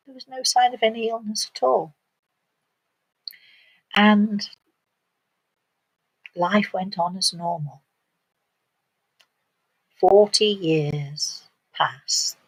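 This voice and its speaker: An older woman telling a story slowly and haltingly, with dramatic pauses and fillers. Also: medium pitch, breathy edge, poor audio. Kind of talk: spoken storytelling.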